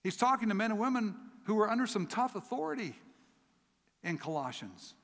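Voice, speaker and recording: A slightly higher-pitched man preaches as a guest pastor, his voice carrying a long reverb through a church sanctuary. He tells stories with acted voices and swings from emphatic peaks down to hushed lows. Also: brisk. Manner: animated storytelling, acts out voices in his stories; rising to emphatic peaks then dropping low. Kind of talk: sermon.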